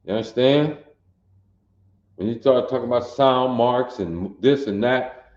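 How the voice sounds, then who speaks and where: A man's voice: mid-range voice, slow pace, pauses often, a little mellow. A man teaching a language class, repeating words and drilling pronunciation insistently. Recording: echoey, dull lo-fi room.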